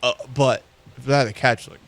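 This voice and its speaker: A man's voice: mid-range voice, fairly even intonation, a little fast, gravelly, a bit bright. A man hosting a sports talk show, telling rambling, self-mocking stories in casual chat. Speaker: sports podcast host.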